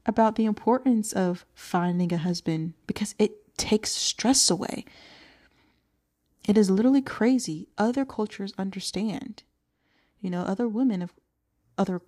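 A woman's voice: medium pitch, dark tone. A young adult woman hosting a solo podcast, talking earnestly and coaching her listeners, sometimes dropping to a whisper for emphasis. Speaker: podcast host. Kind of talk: solo podcast talk to single moms.

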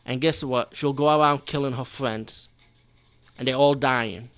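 A young man ranting in a profane, exasperated movie review, swinging from loud incredulous outbursts to low muttering. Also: fairly even intonation, a little slow.

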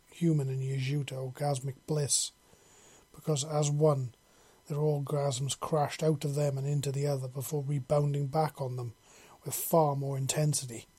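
Male narrator, husky, monotone, middle pitch, steady storybook reading.

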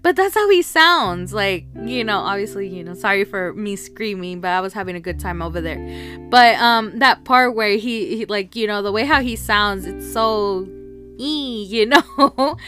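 A woman's voice: mid-range voice, moderate pace, pushed and bright, soft background music. A woman hosting a casual solo podcast, rambling with many fillers and frequent laughs. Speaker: podcast host.

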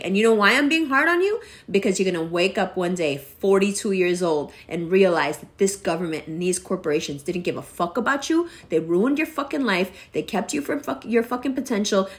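A woman's voice: medium pitch, a bit bright. A woman in her forties delivering a profane, exasperated rant that scolds her listeners. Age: 40s. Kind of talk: ranting monologue.

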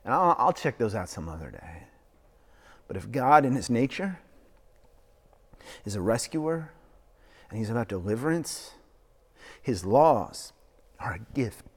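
A man in his thirties preaching a sermon as a pastor, animated, swinging between hushed and loud delivery. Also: medium pitch, moderate pace, pauses often, husky. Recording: long reverb of a large hall.

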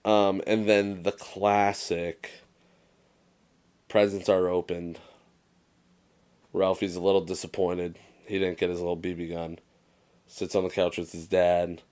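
A young man with a very low voice co-hosts a casual podcast. He tells stories with animated energy, swears freely and slips into quoted movie lines. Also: a little slow, pauses often, clear, resonant tone. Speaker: podcast co-host. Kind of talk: casual chat.

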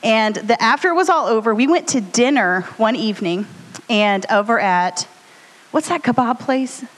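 A woman co-hosting a live storytelling podcast, chatting with an audience in a rambling, animated way. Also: fairly high pitch, normal speed. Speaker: podcast co-host. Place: stage before a live audience. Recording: long hall reverb.

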